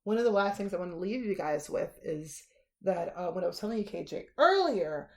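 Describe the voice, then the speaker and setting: Lively, emphatic woman host. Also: fairly low pitch, a little fast. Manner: expressive and emphatic, swearing freely. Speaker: podcast host. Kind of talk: casual chat.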